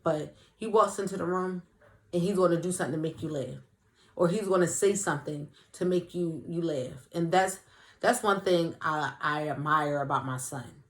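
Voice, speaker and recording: A woman's voice: sits low, moderate pace. Chatty young woman vlogger. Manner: chatty, playful, sings her jingle. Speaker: vlogger, show host. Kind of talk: casual chat to camera.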